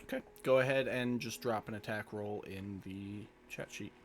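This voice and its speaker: Lowish-voiced male game master. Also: normal speed, noisy background. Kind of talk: narrating a tabletop game.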